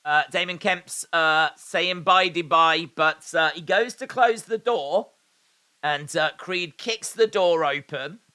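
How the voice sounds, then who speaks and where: This wrestling watch-along host calls the action live and reads viewer comments aloud, his humour dry and sarcastic. He speaks slowly in a voice on the high side, with a bright, forceful, clean tone.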